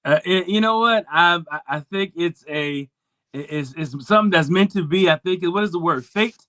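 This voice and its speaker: Man, sports talk host, rambling with fillers, bright voice, slightly high. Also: normal speed, no room sound. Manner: rambling, lots of fillers and restarts.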